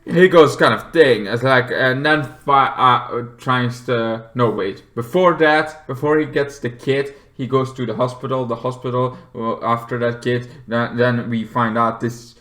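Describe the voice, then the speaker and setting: A man's voice: medium pitch, a little slow, few pauses, a bit bright. A man casually reviewing a horror movie, rambling with many fillers and swearing as he retells scenes animatedly.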